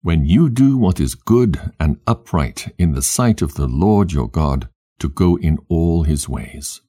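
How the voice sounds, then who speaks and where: A man reading the part of a dying old patriarch blessing his sons, in a solemn, measured way. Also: extremely low pitch, animated, mellow, breathy edge, full character voice. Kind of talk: scripted scripture reading.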